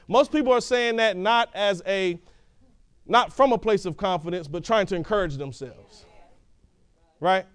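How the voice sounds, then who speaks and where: High-voiced, smooth preaching man. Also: expressive, normal speed, no echo. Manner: emphatic, with frequent restarts and "right?" asides. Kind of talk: sermon.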